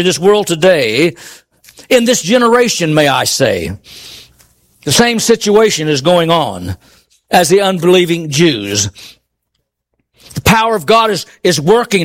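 High-voiced emphatic male preacher. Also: sing-song, measured pace, pauses often, a bit bright. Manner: emphatic, swinging from high exclaims to low murmurs; rhetorical questions to the congregation. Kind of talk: sermon.

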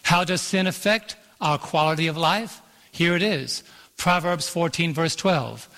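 Unhurried, with a pushed and bright tone, this slightly high-voiced pastor preaches with emphasis. Scripture verses get stretched out, he asks the congregation for "Amen", and the church auditorium gives everything a long reverb.

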